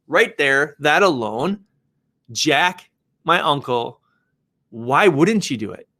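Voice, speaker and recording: A man with a slightly higher voice tells a personal story in a lively, conversational way. He talks like a real estate developer speaking directly to viewers. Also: slow, pauses often.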